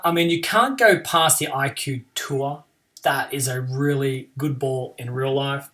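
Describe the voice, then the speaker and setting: A man's voice: medium pitch, fairly bright tone, recorded from a distance. A man streaming a game live and chatting casually about his play, with playful trash talk toward his opponent.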